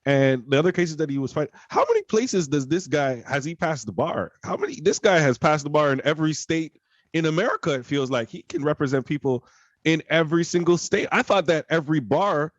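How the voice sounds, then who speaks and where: A man's voice: on the high side, animated, brisk, no echo, highs cut off. A man co-hosting a casual podcast, talking heatedly and emphatically, repeating his points. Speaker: podcast co-host.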